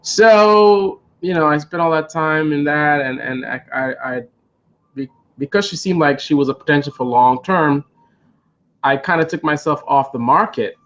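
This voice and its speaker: A man's voice: fairly high pitch, normal speed, a bit bright, lo-fi sound. A man telling a rambling storytime on a live stream, hesitant, with many fillers and restarts. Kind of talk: storytime monologue.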